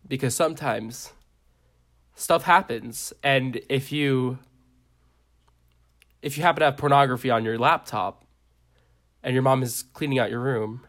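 A man's voice: medium pitch, moderate pace. Joking young man in casual chat. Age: young adult. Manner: joking, rambling, deadpan absurd bits. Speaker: podcast co-host.

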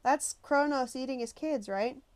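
A flustered young schoolboy, as a woman reader puts him on stumbles eagerly through an answer. He pauses and restarts, sounding unsure but keen, in a louder, brighter voice than the narration. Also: sits high, no room sound, voice pushed up. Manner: hesitant, eager. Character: flustered twelve-year-old schoolboy.

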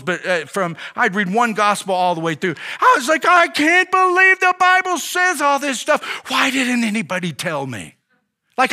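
A man's voice: sits high, pushed and bright. A man preaching a sermon as a pastor, telling his own story with many restarts and acting out dialogue with God. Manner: earnest, halting storytelling with many restarts and fillers; voices God and himself in quoted dialogue.

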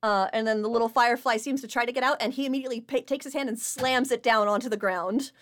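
A woman narrates as game master of a tabletop role-playing game, laughing easily and often between descriptions. Her voice is fairly high-pitched and her pace quick.

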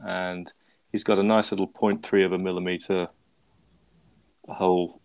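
A man's voice: low voice, little pitch movement, normal speed, darkish tone. A man hosting a podcast, telling a story in a rambling, self-mocking way with lots of restarts. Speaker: podcast host. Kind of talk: casual chat.

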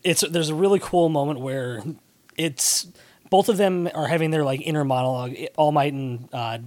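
A young adult man co-hosting a casual chat, recapping scenes quickly with playful jokes. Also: a little high, darkish tone, dry recording. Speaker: podcast co-host.

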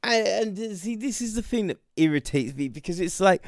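A man's voice: high voice, lively intonation, moderate pace, few pauses, dry recording, clean studio sound. A man with a British accent giving a casual, sarcastic rant about a TV show, swearing freely. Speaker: TV show reviewer. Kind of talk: casual ranting commentary.

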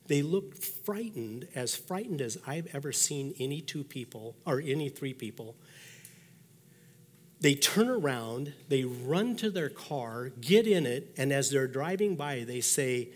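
A man in his sixties, a pastor giving a sermon, telling personal stories in a folksy way and acting out the thoughts he quotes. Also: mid-range voice. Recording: long reverb of a large hall.

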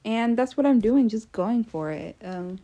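A woman's voice: a little high, animated, unhurried, dark tone. A young American woman hosting a casual solo podcast, chatty and self-deprecating, full of fillers and restarts. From United States. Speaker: podcast host.

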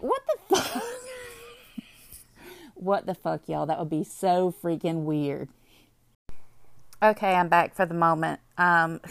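A young woman, rambling in a casual confessional chat while high, laughing often and swearing freely. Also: gravelly, dry recording, studio quality. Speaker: vlogger.

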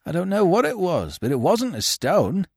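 A man's voice: high-pitched, sing-song, normal speed, gravelly, slightly rough, no room sound, studio quality, voice pushed up, full character voice. A man doing a fearful young chauffeur. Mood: uneasy. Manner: urgent, fearful. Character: scared young male chauffeur under fire.

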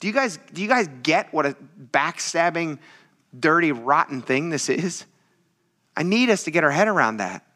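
Bright-voiced casual male preacher. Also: mid-range voice. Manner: casual, joking preaching with acted quotes. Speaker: pastor. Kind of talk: sermon.

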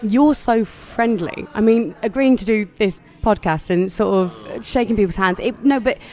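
A woman's voice: mid-range voice, moderate pace, dark tone. Enthusiastic woman podcast host. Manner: enthusiastic, giggly, complimentary. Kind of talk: casual podcast interview.

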